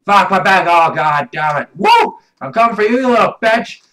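A man doing video game commentary, yelling and cursing at the game as he plays. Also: high voice, lively intonation, moderate pace. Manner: yells and curses at the game. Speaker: gameplay commentator.

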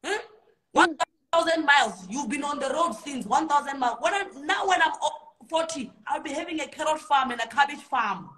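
A woman's voice: sits high, animated, brisk, a bit bright. A woman ranting angrily and emphatically in a heated casual chat. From South Africa.

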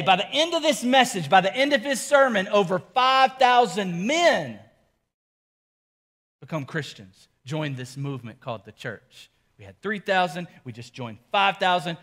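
A pastor preaching a sermon, telling the story in a casual, animated way with emphatic repetition. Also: male voice, high voice.

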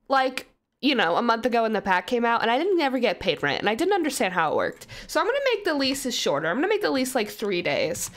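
A young woman giving casual, chatty commentary over her life-simulation gameplay, self-mocking and loudly surprised at twists. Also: fairly high pitch. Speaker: gaming YouTuber.

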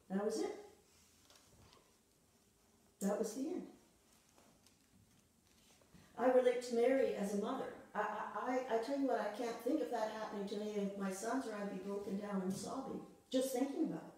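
A woman pastor preaching a sermon, expressive, acting out quoted voices and repeating words as she speaks. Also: high-pitched. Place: church sanctuary. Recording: echoey church hall from far off.

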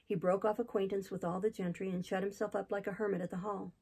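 A woman's voice: mid-range voice, little pitch movement, fast talker, creaky, darkish tone, breathy edge, low-quality recording. A woman reader voicing a talkative, gossipy older male innkeeper who tells a long tale in a rambling, chatty way, for a classic novel audiobook.

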